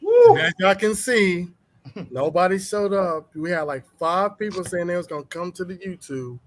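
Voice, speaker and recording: A man's voice: high voice, very animated, normal speed. A man co-hosting a casual talk show, joking in loose banter. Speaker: podcast co-host.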